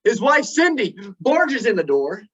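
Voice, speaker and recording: A man delivering a prepared club speech, telling stories with dramatic pauses. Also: extremely high pitch, very animated, a bit bright, slightly rough. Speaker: club speaker. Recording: dull lo-fi recording.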